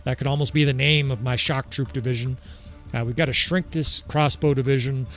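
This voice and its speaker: A man giving casual, excitable gameplay commentary as he sets up a battle, swearing freely and laughing often. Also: mid-range voice.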